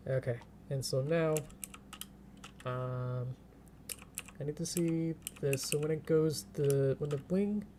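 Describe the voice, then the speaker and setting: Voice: medium pitch, mellow, a little hiss or hum. A streamer talking casually while animating at a computer, thinking aloud step by step, chanting little counts and laughing often.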